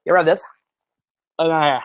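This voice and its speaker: Seated in a small indoor room, a dating coach in his thirties talks loosely and animatedly to camera, cursing freely and laughing a lot. His voice is on the high side, steady and fast, with no echo.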